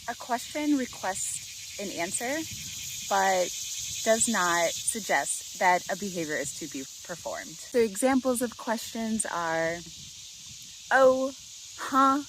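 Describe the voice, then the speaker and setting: A woman talks parents and caregivers through a lesson in a gentle, explanatory way. She acts out sample phrases with exaggerated rises in her voice. Her pitch sits in a middle range for a woman, and faint insect sounds from outdoors hum in the background. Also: lively intonation, a little slow. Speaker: parenting educator. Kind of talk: instructional talk to parents.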